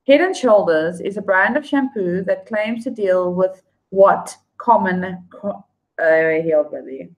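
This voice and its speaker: A woman hosting a casual trivia night, reading each question slowly and twice, with laughing apologies and humming between questions. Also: mid-range voice, rough recording. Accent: non-local accent. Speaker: trivia quiz host.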